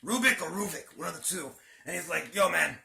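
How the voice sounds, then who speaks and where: A man rambles through a story recap, swearing freely and using slang. His voice is high, heavily gravelly and bright, and it bounces around an echoey room. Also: lively intonation, fairly quick. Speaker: channel host. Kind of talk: casual story retelling.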